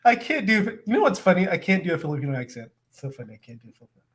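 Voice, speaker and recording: A man's voice: high voice, very fast. A slightly congested man co-hosting a casual video-call chat from home, laughing often as he tells stories. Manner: laughs often, animated storytelling. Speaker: co-host.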